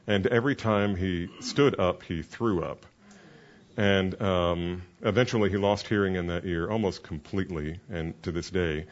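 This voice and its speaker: A man's voice: deep voice, moderate pace, lo-fi sound. A man who is a pastor and counseling mentor, teaching a class in an earnest, conversational way with many fillers.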